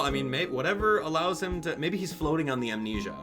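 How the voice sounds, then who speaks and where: A man's voice: fairly high pitch, fast, hardly any pauses. Hyped guy streaming a game, laughs a lot, bouncy voice, music behind. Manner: excited, laughing often. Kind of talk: casual game commentary. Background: background music.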